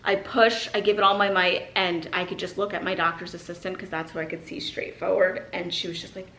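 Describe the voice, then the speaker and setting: A woman's voice: lowish voice, brisk. Chatty young woman vlogger, roomy sound. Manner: animated, acts out quoted voices, frequent "like". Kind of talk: casual storytelling to camera. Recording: roomy echo.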